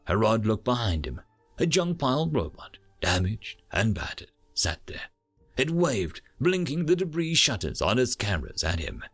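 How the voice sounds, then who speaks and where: A man narrating an audiobook in an expressive storytelling manner. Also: on the low side, moderate pace, slightly rough, soft background music.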